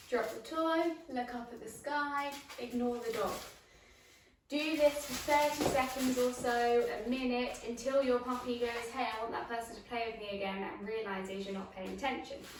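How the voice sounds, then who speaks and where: A woman demonstrates puppy training, talking through each step plainly as she plays with the dog. Her voice sits a little high and sounds distant, caught in a very echoey room. Steady noise runs under the recording. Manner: clear, practical instructions while playing with a puppy. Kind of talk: instructional demonstration.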